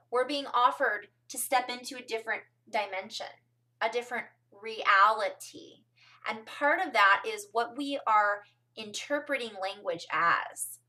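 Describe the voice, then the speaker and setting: A woman's voice: on the high side, sharp tone, distant mic. A woman from California rambling through a casual spiritual talk to her viewers, with frequent ums and asides. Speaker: spiritual vlogger.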